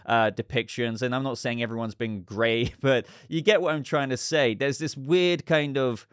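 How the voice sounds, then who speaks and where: A man's voice: medium pitch, steady tone, normal speed, fairly bright tone, smooth, no echo, clean studio sound. A man hosting a casual news commentary show, chatty and rambling with lots of fillers. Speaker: host.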